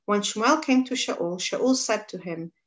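A woman's voice: medium pitch, a little slow. Woman, Bible teacher, explains scripture, mid-range voice. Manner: reads scripture aloud, then explains it. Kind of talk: text study lesson.

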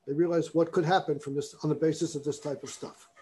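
A man's voice: fairly high pitch, steady tone, fast, warm tone. A man giving a university lecture in a classroom, talking his way through a topic and reading passages aloud with emphasis.

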